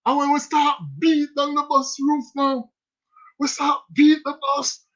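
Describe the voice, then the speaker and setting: A man's voice: extremely high pitch, monotone, measured pace, a bit bright. A Jamaican man hosting a casual stream, telling stories in patois and laughing often. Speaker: livestream host. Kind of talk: casual storytelling. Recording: slightly dull lo-fi sound.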